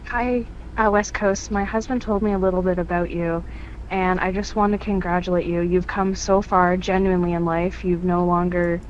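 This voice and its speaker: A woman's voice: lowish voice, little pitch movement, normal speed, highs cut off, a little hiss or hum. Dry mocking woman calling in. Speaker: caller. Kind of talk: call-in roast.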